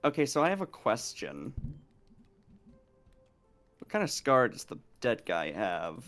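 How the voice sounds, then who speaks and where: A man's voice: medium pitch, wildly swooping pitch, unhurried, a bit bright, faint music behind. Giggly, rambling male storyteller. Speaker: co-host on a stream. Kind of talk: casual anecdote-telling.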